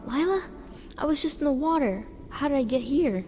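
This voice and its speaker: A woman's voice: sits high, lively intonation, moderate pace, mellow, voice pushed up. A woman voicing a frightened young boy trapped in a nightmare, with panicked, pleading cries. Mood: scared. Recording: reverberant with background music.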